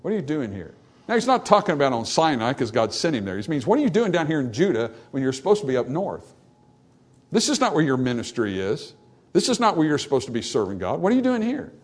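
Animated male preacher. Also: on the high side, quick pace. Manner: animated, acts out dialogue from scripture. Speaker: pastor. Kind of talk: sermon.

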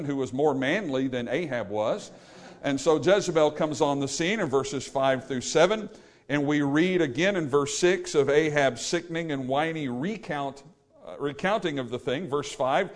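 A man preaching a sermon in a blunt, folksy way, with asides to the congregation. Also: a little high. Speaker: pastor.

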